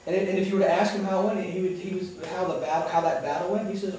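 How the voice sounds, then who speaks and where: A man's voice: sits high, fast talker, darkish tone. Chatty man in an echoey room. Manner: rambling storyteller with many restarts. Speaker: voice actor. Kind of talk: casual interview chat. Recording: echoey room, distant mic.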